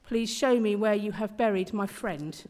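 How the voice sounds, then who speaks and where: A woman voicing Jesus as a calm man who speaks in a slow, steady, reassuring way. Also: medium pitch, natural voice. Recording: long hall reverb.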